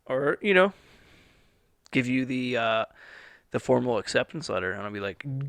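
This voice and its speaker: Here a man hosts his podcast solo from a studio, easygoing and rambling with casual cursing. His mid-range voice carries vocal fry, moves at normal speed, and has no room sound.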